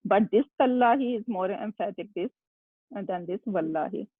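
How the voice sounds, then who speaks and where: An Arabic teacher, giving slow, halting explanations in an online class. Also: medium pitch, husky, no echo. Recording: tinny phone-line sound, dry.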